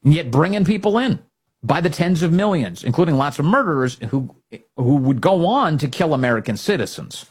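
Guy hosting a political talk show, husky voice, super animated and sarcastic. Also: on the high side, brisk. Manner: animated, sarcastic, mocks opponents in put-on voices. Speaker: radio show host.

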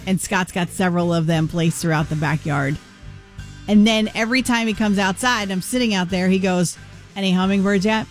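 A woman co-hosting a radio show, telling a story with lively acted-out dialogue. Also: medium pitch. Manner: animated storyteller acting out both sides of a conversation. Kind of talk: casual radio chat.

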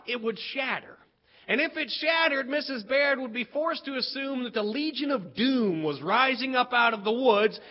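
A man from West Virginia telling a humorous story in a lively, animated way. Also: very high voice. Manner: animated, lively delivery with playful character voices. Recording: dull lo-fi recording.

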